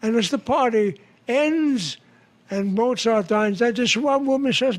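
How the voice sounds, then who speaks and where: An older man, a podcast guest, telling jokes in an unhurried, chuckling way. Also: very high-pitched.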